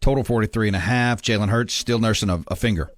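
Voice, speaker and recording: Male sports talk host, low-pitched, relaxed and chatty, dry studio sound. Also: fast talker, no room sound. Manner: easygoing, conversational. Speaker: radio host. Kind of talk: sports talk radio hosting. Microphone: studio mic.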